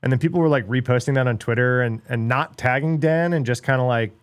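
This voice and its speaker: A man's voice: medium pitch, fast, clear, resonant tone, no room sound, clean studio sound. A middle-aged man hosting a livestream, ranting bluntly in casual chat with lots of swearing and filler words. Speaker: livestream host.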